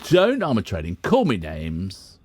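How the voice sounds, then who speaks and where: A man's voice: low voice, wildly swooping pitch, measured pace, breathy edge, no room sound. A man co-hosting, chatting casually and reading from notes, often laughing and steering the talk back on track. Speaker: co-host of a music reaction channel.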